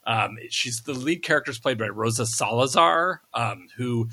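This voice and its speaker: A man's voice: medium pitch, lively intonation, moderate pace, pushed and bright, slightly rough, no echo. A man co-hosting a casual review podcast, rambling with lots of ums and self-deprecating asides. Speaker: podcast co-host.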